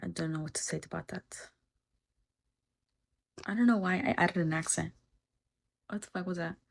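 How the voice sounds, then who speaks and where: A woman's voice: fairly low pitch, steady tone, moderate pace, gravelly, slight background noise. Rambling young woman chatting on a livestream. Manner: rambling, chatty, swears casually, reads out viewer comments. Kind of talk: casual livestream chat.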